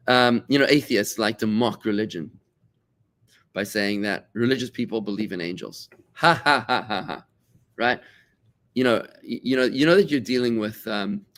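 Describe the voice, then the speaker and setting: A middle-aged man from South Africa, a rabbi giving a conversational class, animated and quick to act out quoted voices. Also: medium pitch. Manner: animated, repeats words, acts out quoted voices.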